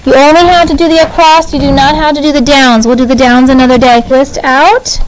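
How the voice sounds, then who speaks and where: A middle-aged woman teaching a spelling lesson, her voice set quite high. She drills each word patiently, dragging out the letters one by one and chatting in between. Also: fairly even intonation, a little fast, a little hiss or hum, poor audio. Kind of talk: classroom spelling lesson over video.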